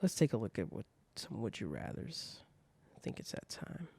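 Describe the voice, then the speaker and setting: A man's voice: lowish voice, very animated, normal speed, darkish tone, slightly rough, no echo. A young man hosting a solo podcast, telling stories in a casual, profane way. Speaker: podcast host.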